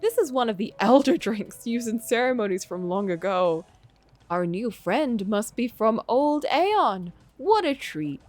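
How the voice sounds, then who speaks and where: A woman voicing a gentle, formal male shopkeeper creature who talks about himself in the third person, slow and old-fashioned. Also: a little high, very animated, faint music behind. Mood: delighted.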